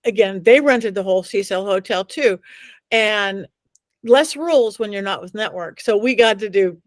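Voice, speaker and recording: Animated, storytelling woman, dry sound. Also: medium pitch, no echo. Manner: acts out quoted voices, dramatic pauses. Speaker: psychic medium guest.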